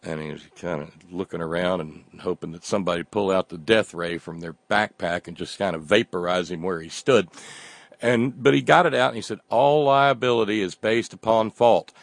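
A man's voice: deep voice, fairly quick, vocal fry, a bit bright, dry recording. A man delivering a sarcastic satirical monologue as a commentator, often restarting his words.

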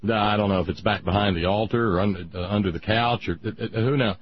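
Sarcastic ranting man, husky voice. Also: fairly low pitch, fairly even intonation, fast, no room sound, muffled recording. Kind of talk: opinionated monologue.

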